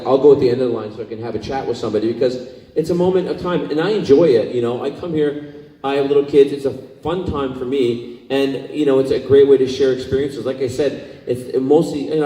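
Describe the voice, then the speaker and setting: A man's voice: medium pitch, quick pace, dark tone. Scottish-born man telling stories in an echoey hall. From Scotland. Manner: rambling, emotional, many fillers. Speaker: convention guest actor. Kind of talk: convention panel storytelling. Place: convention hall. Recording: echoey hall, distant mic.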